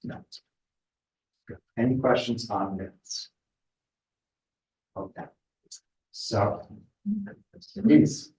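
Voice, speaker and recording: A middle-aged man speaking at a spiritual retreat in a conversational, thoughtful way, often pausing with fillers. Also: lowish voice, fairly even intonation, mellow. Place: retreat house meeting room. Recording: echoey room, voice picked up from a distance.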